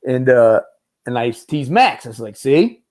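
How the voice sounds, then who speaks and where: In a brisk, mid-range voice, a former Marine turned stuntman and advisor rambles through casual stories during an interview. He is lively and mimics the voices of those he quotes.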